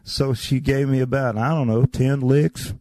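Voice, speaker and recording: A man's voice: medium pitch, steady tone, unhurried, a little mellow, no room sound. An older man from North Carolina, a radio guest telling stories about his childhood. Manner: reminiscing, acts out the voices in his stories. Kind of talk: storytelling interview.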